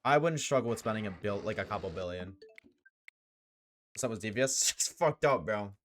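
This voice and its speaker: A man's voice: fairly low pitch, animated, moderate pace, fairly bright tone, a little hiss or hum. A young man live-streaming, chatting casually with his chat, slangy and swearing often.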